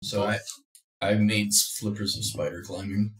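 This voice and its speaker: A man playing in a tabletop game, unhurried and playful, often laughing. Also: fairly low pitch, fairly even intonation, distant mic, slight background noise. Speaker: player. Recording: echoey room, voice away from the mic.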